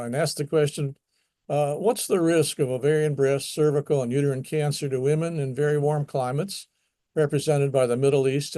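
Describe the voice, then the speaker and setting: An American man hosting a casual chat in a fairly high voice. The sound is dry and close with no room echo, and he hesitates often, filling gaps with "uh" and "um". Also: a little mellow. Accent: American English. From United States. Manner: hesitant, lots of uh and um fillers. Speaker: host.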